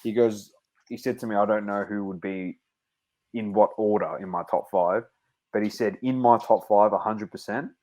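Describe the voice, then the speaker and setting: A man's voice: lowish voice, fairly even intonation, moderate pace, darkish tone. A man co-hosting a podcast, chatting casually, laughing and teasing his co-hosts and calling them mate. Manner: laughing, teasing banter, calls people mate. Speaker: podcast co-host. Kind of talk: casual chat.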